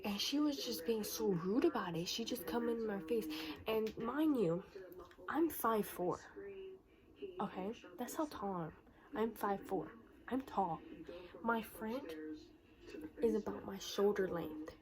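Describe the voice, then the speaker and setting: Teenage girl telling an animated story. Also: fairly high pitch, measured pace, long pauses, crowd noise, rough recording. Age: teens. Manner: animated retelling, acts out quoted dialogue. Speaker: vlogger. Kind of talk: storytime vlog.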